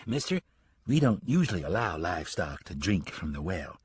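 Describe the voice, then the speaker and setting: A man's voice: fairly high pitch, expressive, brisk, breathy edge, pitched above the performer's own voice. A man voicing a timid, polite laborer who keeps a well.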